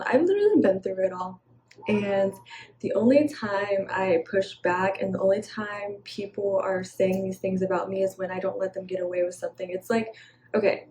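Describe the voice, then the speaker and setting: A woman's voice: medium pitch, warm tone, a little hiss or hum. A woman giving casual advice straight to camera, chatty and slangy, often laughing, on a poor-quality recording. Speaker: vlogger.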